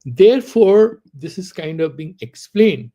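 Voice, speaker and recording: Man teaching philosophy, mellow voice. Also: fairly high pitch, expressive, unhurried, husky. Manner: explains in repeated rhetorical questions, reciting Sanskrit verses. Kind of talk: class lecture.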